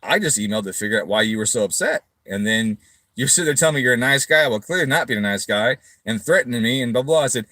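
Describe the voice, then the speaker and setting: A middle-aged man telling a story casually to camera, swearing freely and acting out his own quoted replies loudly. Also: medium pitch, racing, no echo. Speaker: tuning shop owner.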